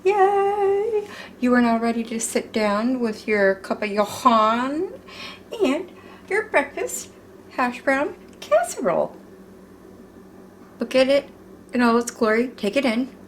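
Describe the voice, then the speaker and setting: A woman's voice: fairly high pitch, sing-song, slow pace, pauses often, a little hiss or hum. A middle-aged woman hosting a casual home cooking vlog, chatty and jokey, poking fun at herself. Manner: chatty, jokey and self-deprecating. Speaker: cooking channel host.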